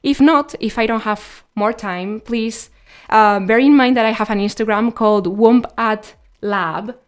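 A woman's voice: fairly high pitch, a little slow, clear, resonant tone. A woman hosting a radio show, sharing science facts between songs in a loose, chatty way with many fillers and self-corrections.

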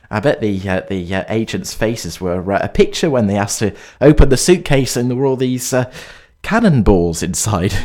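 A man's voice: mid-range voice, animated, moderate pace, a little mellow. A man hosting a light-hearted news segment, reading stories and adding joking asides with stumbles and fillers. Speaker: host.

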